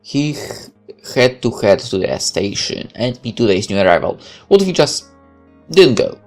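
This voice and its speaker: A man's voice: medium pitch, very animated, normal speed, a little mellow, faint music behind. A man reading a visual novel aloud as narrator, with occasional casual asides.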